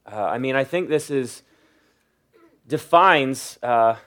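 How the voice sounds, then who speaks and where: A middle-aged male pastor preaching a sermon in an earnest way, reading scripture slowly with emphasis. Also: medium pitch, animated, a bit bright.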